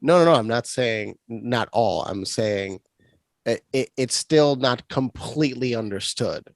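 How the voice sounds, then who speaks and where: A man's voice: mid-range voice, measured pace. A man in a casual podcast chat, musing earnestly.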